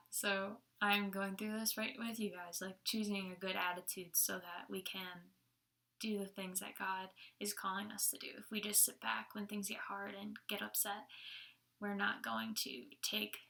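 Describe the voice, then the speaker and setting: A woman's voice: medium pitch, vocal fry, sharp tone. A young woman giving a casual Sunday devotional talk, chatty, laughing often and using many fillers. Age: young adult.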